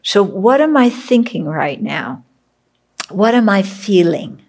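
This Buddhist teacher's voice is mid-range, sing-song and darkish, and she talks slowly. Giving a thoughtful dharma talk, she frequently asks her audience "okay?" and dramatizes the voices inside one's head.

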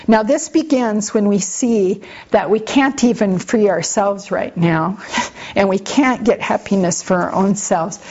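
A woman gives a relaxed Buddhist dharma talk in a mellow, warm voice. Her delivery is conversational and lightly humorous, with frequent asides to her listeners. The recording sounds slightly muffled and lo-fi. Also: medium pitch, measured pace. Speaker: Buddhist teacher.

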